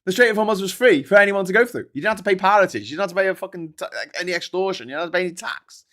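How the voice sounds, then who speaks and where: A man's voice: high-pitched, very fast, fairly bright tone. A man with a British accent hosting a casual political commentary show, talking in a sweary, sarcastic and taunting way. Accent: British English. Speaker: host.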